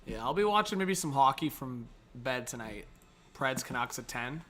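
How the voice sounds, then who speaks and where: A man's voice: mid-range voice, animated, moderate pace, a bit bright. A young man hosting a live hockey reaction stream, chatting casually and reading viewer messages aloud.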